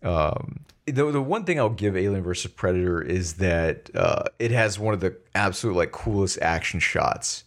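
A man's voice: deep voice, expressive, normal speed, few pauses. A man co-hosting a podcast in casual chat, laid-back and rambling with lots of fillers. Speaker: podcast co-host.

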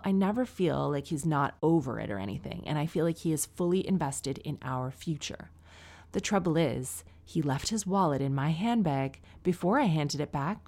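Listener emails get a wry, teasing read from this woman in her forties, a comedian hosting her own podcast in a chatty, casual way. Her voice is fairly low in pitch and a little mellow.

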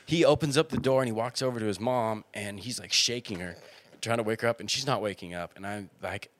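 A man's voice: fairly low pitch, fairly quick, slight background noise. A young man, a campus EMT, telling a story casually with lots of laughter and acted-out quotes. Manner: animated storyteller, acts out quotes, laughs often. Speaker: campus EMT and podcast guest.

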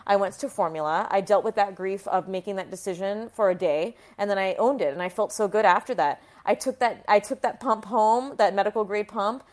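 A woman's voice: medium pitch, fairly quick, few pauses. A woman physician, in her thirties, telling a personal story frankly and emotionally, often restarting her sentences. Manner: frank and emotional, with frequent restarts and some profanity.

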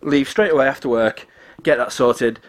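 A man's voice: mid-range voice, moderate pace. A young man, telling a story in casual chat and swearing freely. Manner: swears freely, acts out quotes.

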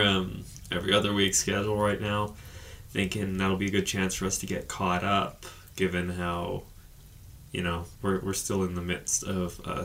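Man, podcast host, very deep voice, rambling casual chat, relaxed. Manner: rambling, relaxed, with many fillers and restarts.

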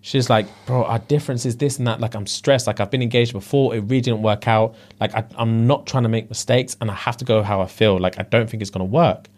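A man's voice: medium pitch, quick pace, hardly any pauses. A man, co-hosting a podcast, casually retelling a reality show with lots of slang and acted-out quotes. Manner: animated storyteller, acts out quotes, heavy slang. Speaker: podcast co-host.

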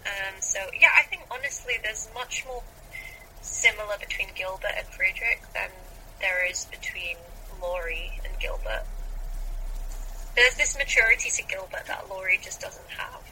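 A woman's voice: medium pitch, normal speed, sharp tone, a little hiss or hum, rough recording. A woman guest on a podcast, thoughtfully making long points about books in casual discussion.

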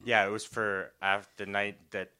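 Smooth-voiced man in casual chat. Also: level tone, moderate pace, sharp tone. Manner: laughing storyteller, mimics people in high voices.

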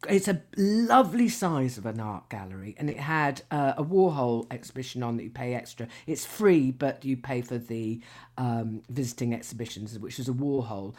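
An older woman in her sixties with a low voice, co-hosting a podcast. She chats casually and warmly hesitates, padding her sentences with ums and restarts. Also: animated, normal speed. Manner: chatty, hesitant, with many fillers. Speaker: podcast co-host. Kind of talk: casual chat.

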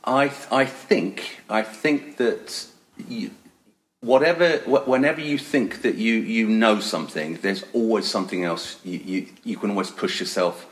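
A man's voice: fairly low pitch, a little slow. A middle-aged man, a session percussionist, telling rambling anecdotes with many restarts. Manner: rambling with frequent restarts and laughter. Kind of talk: casual anecdotal storytelling.

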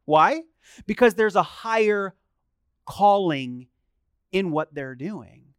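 A man's voice: high voice, expressive, slow, clean tone, no room sound. Middle aged guy preaching, chatty, keeps asking the crowd stuff, clean dry sound. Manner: conversational, asks the congregation questions. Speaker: pastor. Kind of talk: sermon.

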